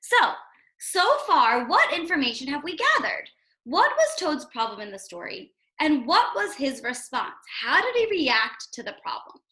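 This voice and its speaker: A woman's voice: sits high, unhurried. A woman teacher reading a storybook aloud and explaining it, asking the listener questions as she goes. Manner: expressive, asks the listener questions. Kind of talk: read-aloud lesson.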